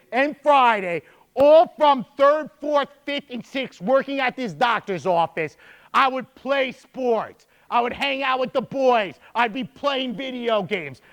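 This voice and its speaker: A young man giving a motivational speech to a room of students, telling stories with energy and repeating points for emphasis. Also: extremely high pitch. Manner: energetic storytelling with emphatic repetition. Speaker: speaker addressing students.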